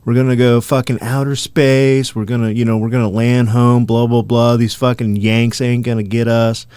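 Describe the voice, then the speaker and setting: A man's voice: medium pitch, flat delivery, normal speed, a little mellow, smooth, dry recording, close to an everyday voice. A man voicing a boastful male cult leader making an escape, swearing and swaggering. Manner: swaggering, profane.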